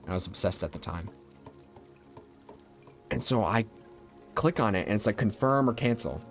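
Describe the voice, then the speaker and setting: A man's voice: fairly low pitch, expressive, moderate pace, faint music behind. A young adult man streaming a video game, chatting casually and rambling through a childhood story with lots of filler words. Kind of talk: casual storytelling while gaming.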